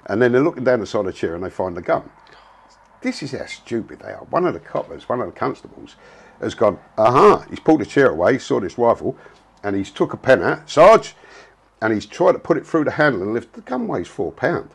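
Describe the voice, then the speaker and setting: A man's voice: mid-range voice, sing-song, fast, gravelly, husky. A man, telling a story in a blunt, casual way, full of slang and swearing. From England. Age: 60s. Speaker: interviewee.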